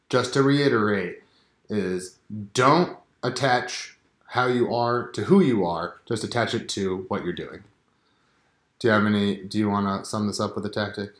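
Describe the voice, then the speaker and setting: A man's voice: lowish voice, measured pace, fairly bright tone. A man chatting casually as a podcast co-host, candid and swearing freely, acting out little scenes as he talks. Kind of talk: casual chat. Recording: echoey room.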